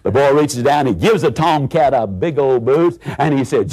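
A male motivational speaker tells everyday stories and throws rhetorical questions at his listeners. His voice sits at a middle pitch but swoops widely as he acts out each scene. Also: normal speed, hardly any pauses, breathy edge. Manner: animated storyteller who acts out characters. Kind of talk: motivational storytelling speech.

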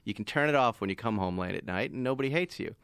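Lively-voiced male podcast host. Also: mid-range voice, clean tone, no room sound. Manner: easygoing, quick to laugh. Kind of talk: casual podcast chat. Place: podcast studio.

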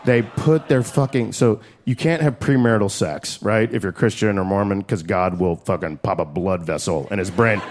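A man doing a stand-up set, brash and profane, shouting his punchlines on a handheld stage mic. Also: mid-range voice. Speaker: stand-up comedian. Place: comedy club stage. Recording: crowd laughter, noisy club. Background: laughing crowd.

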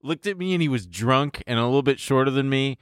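A man's voice: mid-range voice, quick pace, smooth, dry recording, clean studio sound. A man in his thirties, co-hosting a podcast, telling a story in casual chat and acting out the voices in it. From United States. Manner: animated, acts out voices in his stories, laughs often. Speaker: podcast co-host.

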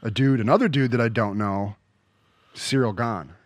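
A young man in a relaxed podcast chat, easygoing and steady as he talks. He mostly listens and backs his co-host up. His voice sits at an ordinary male pitch. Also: normal speed, no room sound. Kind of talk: casual chat.

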